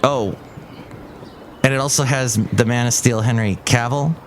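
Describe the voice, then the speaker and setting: Unhurried and medium in pitch, a middle-aged man hosts a podcast in casual chat, wandering off on tangents and filling his speech with fillers. Slight background noise sits behind him.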